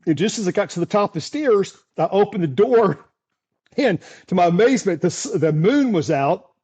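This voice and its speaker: A man with a notably high voice tells a story at length as an interview guest. He is animated and chuckles often, tripping over his words and restarting as he goes. His style is casual and conversational. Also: normal speed, slightly rough. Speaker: storm chaser interview guest.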